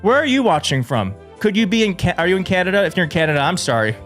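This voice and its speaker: Excitable man hosting a show. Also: high voice, fast talker, faint music behind. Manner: excitable, jokey, frequent restarts. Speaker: show host. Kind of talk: live political commentary show. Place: studio in a big city.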